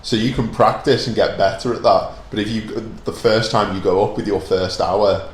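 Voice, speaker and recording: Man, podcast guest, reflective and low-pitched, roomy recording. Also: steady tone, moderate pace. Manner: thoughtful, musing, trailing off with tag questions. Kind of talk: casual chat. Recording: roomy echo with faint background noise.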